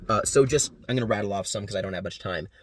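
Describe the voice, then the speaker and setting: A man's voice: on the low side, dry recording, studio quality. A man giving a casual class presentation, explaining vocal sounds and demonstrating them as he goes. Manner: casual, quick, demonstrates sounds between sentences. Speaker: student presenter. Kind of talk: class presentation with beatboxing demos.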